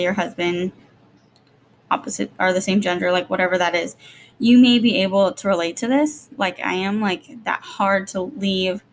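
A young mother talks to her vlog in a rapid, rambling stream, full of "like" and nervous jitters after a sleepless night. Her voice sits in an ordinary middle range with a gravelly fry in it. A faint hiss of room ambience runs underneath. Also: medium pitch. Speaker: vlogger, young mom. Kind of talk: casual vlog chat.

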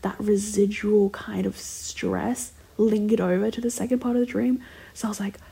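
A young woman telling a long personal story in a casual, rambling way, full of "like" fillers and slipping into soft whispers. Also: medium pitch, steady tone, moderate pace, creaky, slightly rough.

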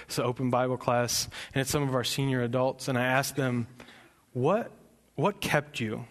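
Young male pastor, passionate sermon delivery with rising emphatic peaks. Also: medium pitch. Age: young adult. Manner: impassioned, building to loud emphatic peaks.

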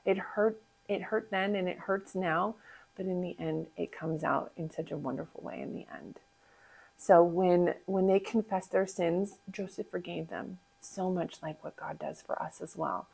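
A woman telling a Bible story to listeners in an animated way, asking them questions. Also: lowish voice, measured pace, creaky, husky, poor audio. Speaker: children's Bible story teller.

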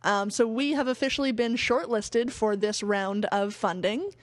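A woman's voice: on the high side, normal speed, dry recording. A woman co-hosting a casual podcast, laughing and bawdy, explaining their plans in plain terms. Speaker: podcast co-host.

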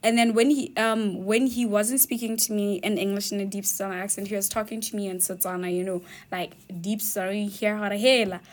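A woman's voice: medium pitch, steady tone, brisk, hardly any pauses. A young woman from Botswana hosting a podcast in casual chat. She laughs often and keeps asking "you know what I mean". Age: young adult. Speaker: podcast host.

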